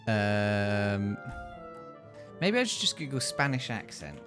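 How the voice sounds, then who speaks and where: A man's voice: fairly low pitch, sing-song, takes it slowly, over music. Distracted British man on a game stream. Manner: distracted, restarting, fumbling with the screen share. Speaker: streamer playing a game with a co-host. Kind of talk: casual live-stream chat.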